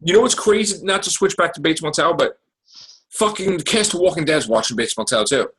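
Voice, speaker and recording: Excitable, profane man recapping TV. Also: a little high, fairly quick, rough recording. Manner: excitable, profane, animated storytelling. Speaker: podcast host. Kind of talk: casual chat.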